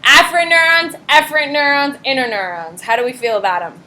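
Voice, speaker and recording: A woman teacher giving a casual, animated classroom lecture, blunt and chatty. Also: sits high, fairly quick. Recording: echoey classroom from far off.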